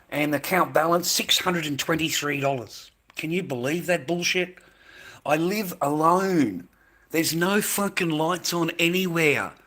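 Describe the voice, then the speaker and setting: A man's voice: a little high, a bit bright. Profane ranting Australian man. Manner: angry, profane, repeats himself, stumbles over words. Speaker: vlogger. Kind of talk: ranting monologue to camera.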